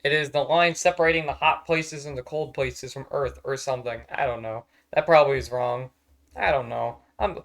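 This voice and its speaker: A man streaming from home, chatting casually in a rambling, profane way and getting exasperated easily. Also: on the high side. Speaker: streamer ranking characters on a tier list. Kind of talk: casual live-stream chat.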